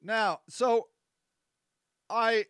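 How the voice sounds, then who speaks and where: Male host, casual stream talk, rambling and self-mocking, high clear voice, dry sound. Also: fairly even intonation, very slow, fairly bright tone, no echo. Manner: rambling and self-deprecating, with many fillers. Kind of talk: casual live-stream talk reading viewer comments.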